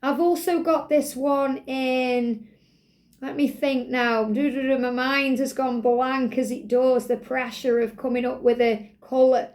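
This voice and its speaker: A woman's voice: high voice, fairly even intonation, unhurried, darkish tone. A middle-aged woman, giving a chatty, rambling, gushing product review as a vlogger. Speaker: wig vlogger.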